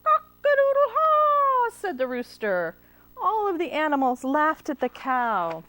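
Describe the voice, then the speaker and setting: High, animated woman reading a storybook. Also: measured pace, dry recording. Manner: expressive, with gasps and questions to the children. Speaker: children's librarian. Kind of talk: reading a picture book aloud to children. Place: cable TV studio.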